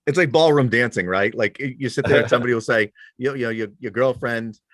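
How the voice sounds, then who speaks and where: Animated storytelling veteran man, dry close sound. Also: medium pitch, quick pace, no echo. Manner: animated storyteller, self-deprecating, many restarts. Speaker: guest, former police officer and military veteran. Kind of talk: casual podcast conversation.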